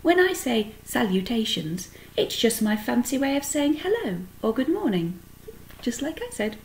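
Woman doing a kind spider lady, gentle, genteel, a bit gravelly. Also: a little high, big pitch swings, normal speed, echoey room, a little hiss or hum, pitched above the performer's own voice, poor audio. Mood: friendly. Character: kindly female spider, calm and gracious.

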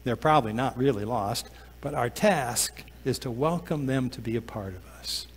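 Man preaching in a reverberant church. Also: slight background noise. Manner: slows down and drops to a soft, low voice for emphasis. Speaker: pastor. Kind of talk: sermon. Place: church sanctuary.

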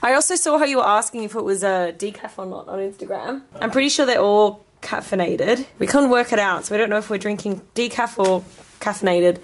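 A young woman, slightly hoarse, chatting excitedly as a travel vlogger into a handheld camera. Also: medium pitch, a little fast. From Australia. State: slightly hoarse from losing her voice. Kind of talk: casual travel vlog.

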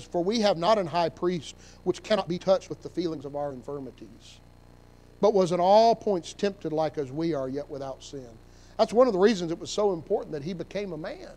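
A pastor preaching a Sunday sermon in church, talking conversationally and building to emphatic peaks. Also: male voice, sits high, warm tone, poor audio. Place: church sanctuary.

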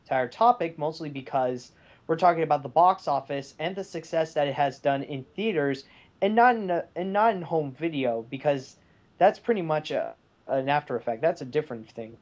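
A mid-pitched co-host on a movie podcast, rambling through a point with lots of ums and restarts. The delivery is casual and unscripted. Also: normal speed, darkish tone, lo-fi sound. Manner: rambling with many fillers.

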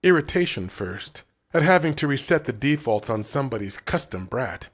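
A man narrating a story as an audiobook reader, with a dramatic, expressive delivery. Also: medium pitch, moderate pace.

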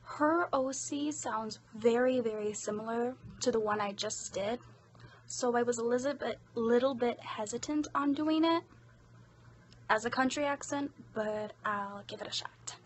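A woman's voice: a little high, a little slow, slight background noise. A young woman with an Irish accent, chatting casually and self-deprecatingly about her voice-acting commissions. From Ireland. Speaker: hobby voice actor.

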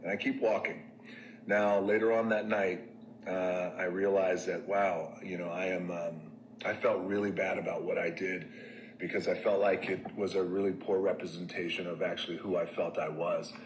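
A man telling a personal story in a candid, conversational way, with many fillers, restarts and soft reflective passages. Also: low voice, flat delivery, normal speed, reverberant, noisy background.

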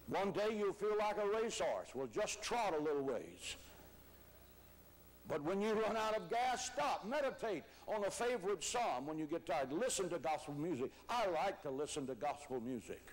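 Older guy preaching hard, pastor voice, highish pitch, punches key words loud. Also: big pitch swings, normal speed, poor audio. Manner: emphatic preaching, rising to shouts on key words. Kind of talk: sermon.

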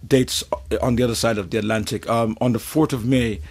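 A man in an interview telling a story in a casual, animated way, with stammering restarts, frequent swearing and laughter. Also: mid-range voice, a little fast, husky. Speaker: musician interview guest.

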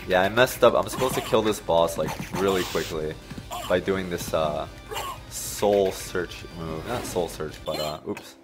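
Man in his 30s, lowish voice, casual rambling storyteller who laughs a lot, faint game music behind. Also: a little slow. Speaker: gameplay commentator. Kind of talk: casual storytelling over gameplay.

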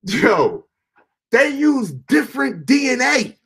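A man hosting casual reaction commentary, animated and profane, addressing viewers as his people. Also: high voice, moderate pace, husky. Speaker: host.

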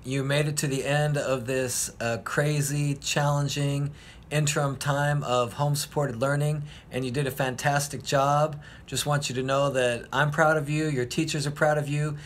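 A man's voice: a little high, flat delivery, normal speed, slight background noise. Upbeat man addressing students. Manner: upbeat and proud.

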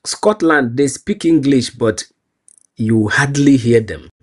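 In a relaxed street interview, a man from Nigeria responds earnestly and with pride, laughing easily in his Nigerian accent. His mid-range voice takes things slowly.

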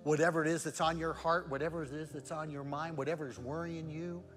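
A man preaching a sermon as pastor, moving between loud emphatic rhetorical questions and soft, hushed prayer. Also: fairly high pitch, steady tone, fast, big-room sound, music in the background. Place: church sanctuary.

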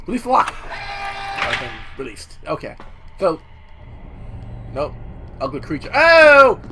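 High-voiced, excitable gamer man. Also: slight background noise. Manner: excitable, profane, trash-talking. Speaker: gameplay commentator. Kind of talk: let's play commentary. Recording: game music mixed in. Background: game music.

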